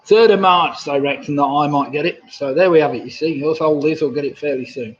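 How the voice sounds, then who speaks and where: A man's voice: on the high side, a little fast. A man in his sixties from England hosting a live-streamed pub quiz, chatty and reading out viewers' messages with a laugh. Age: 60s. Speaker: quiz host. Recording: dull lo-fi home stream audio.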